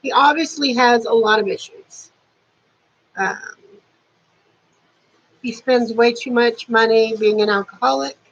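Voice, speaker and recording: Woman, 50s, casual home vlog, slow talker, sarcastic asides, muffled lo-fi recording. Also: a little high. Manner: chatty, with dry sarcastic asides. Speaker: beauty vlogger. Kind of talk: casual chat to camera. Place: warm apartment at home.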